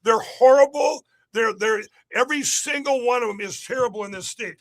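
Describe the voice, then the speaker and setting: A political candidate giving an emphatic, repetitive rally-style interview on a podcast. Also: male voice, sits high, brisk, fairly bright tone.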